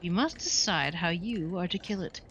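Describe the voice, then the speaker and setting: A woman's voice: fairly low pitch, a bit bright, a little hiss or hum, lightly acted. A woman doing a grave cosmic entity. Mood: solemn. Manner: grave, oracular, measured. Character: solemn cosmic being, the end of time.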